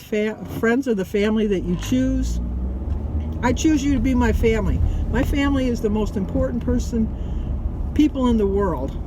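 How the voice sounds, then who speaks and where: A woman in her sixties, talking in a rambling, heartfelt way as she vlogs from her car, tearful at times. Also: a little high. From United States. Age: 60s. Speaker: vlogger. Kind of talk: emotional casual vlog. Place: in a car stopped in traffic. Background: traffic and outdoor noise.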